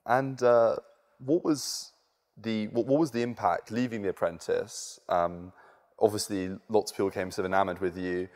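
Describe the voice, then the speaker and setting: A student interviewer, a man asking questions in a hesitant, halting way. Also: lowish voice, steady tone, a little mellow. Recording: long hall reverb.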